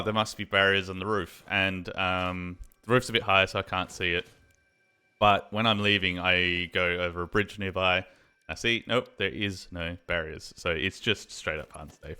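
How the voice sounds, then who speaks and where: A man's voice: low-pitched, sharp tone, smooth. A young man streaming a game, chatting casually and telling a rambling story with lots of fillers and swearing. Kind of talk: casual chat while gaming.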